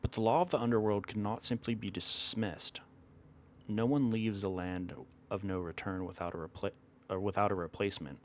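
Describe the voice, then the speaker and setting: A man telling an old myth in a measured, dramatic way, stopping now and then to correct himself. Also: lowish voice, fairly even intonation, slight background noise. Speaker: storyteller. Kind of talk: storytelling narration of a myth.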